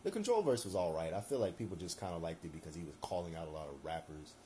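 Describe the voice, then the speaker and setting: A man's voice: deep voice, animated, fast, dark tone, slight background noise. A young man giving his opinions in a loose, rambling monologue, full of slang and fillers. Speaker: solo commentator.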